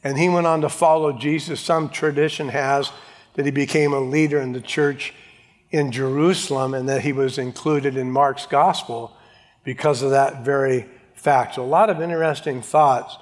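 A man's voice: medium pitch, steady tone, normal speed. A man preaching a sermon, reading scripture aloud and acting out its voices with dramatic swings. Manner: dramatic, acts out Bible voices. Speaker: pastor. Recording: long hall reverb.

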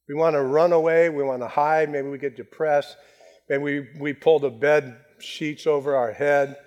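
Guy preaching a sermon, leans hard on the key words, slows right down to hammer them in. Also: a little high, darkish tone. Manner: emphatic preaching, slows down to stress key phrases. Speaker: pastor.

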